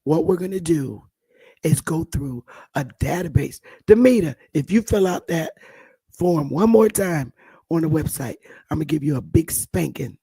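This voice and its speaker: A woman hosting a casual livestream, hoarse while her voice recovers, talking softly and greeting viewers by name. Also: low voice, animated, moderate pace, dry recording. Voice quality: gravelly, husky. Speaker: livestream host.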